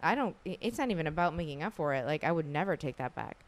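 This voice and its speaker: A woman's voice: low voice, expressive, over a noisy crowd. A woman, hosting a podcast in a casual, slangy way full of asides. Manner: chatty, slangy, fast asides, frequent "like". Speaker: podcast host. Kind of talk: casual chat with ad read.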